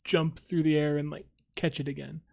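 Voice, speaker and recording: Halting higher-voiced male player. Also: little pitch movement, gravelly, darkish tone. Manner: halting, with many fillers. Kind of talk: role-playing a character in a tabletop game.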